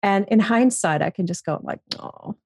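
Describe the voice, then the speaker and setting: A woman's voice: medium pitch, a little fast, slightly rough, no room sound, clean studio sound. A woman guest telling her story frankly in an interview, swearing freely and acting out her own past thoughts. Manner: frank, profane, animated when quoting herself. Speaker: podcast guest.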